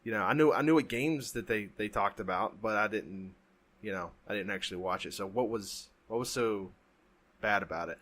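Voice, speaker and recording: A man with a lowish voice chats casually as a podcast co-host. He rambles, trails off and restarts his sentences often. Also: a bit bright. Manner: rambling, halting with many restarts. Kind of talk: casual chat. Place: home, during a thunderstorm.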